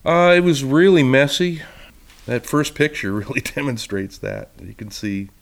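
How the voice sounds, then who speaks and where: A man who makes violins gives a relaxed, rambling talk over slides, with many restarts. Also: medium pitch, unhurried, creaky. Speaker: violin maker giving a talk.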